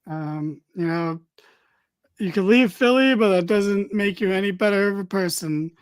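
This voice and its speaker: A man's voice: sits high, a little slow, clean tone, no echo. A tired man co-hosting a casual wrestling podcast, rambling with dry, mock-serious humor. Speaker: podcast co-host.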